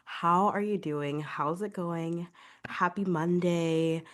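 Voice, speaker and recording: A woman's voice: lowish voice, slow. A young woman hosting her singing podcast, chatty and upbeat, a little congested from a cold. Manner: chatty, upbeat, many filler "like"s. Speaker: podcast host and vocal coach. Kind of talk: casual solo podcast talk.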